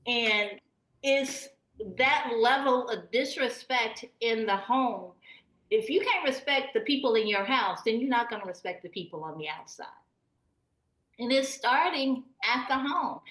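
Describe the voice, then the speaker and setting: A woman in her forties, a guest on a live talk show, speaking in an earnest, measured way with fillers like um. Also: on the high side, a bit bright, roomy sound, low-quality recording.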